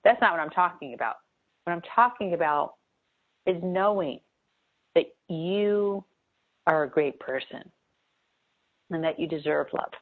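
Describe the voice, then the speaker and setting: Woman, motivational coach, earnest and emphatic, lowish pitch, tinny phone-like recording. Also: unhurried, pauses often. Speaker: spiritual coach. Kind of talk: motivational talk on manifesting.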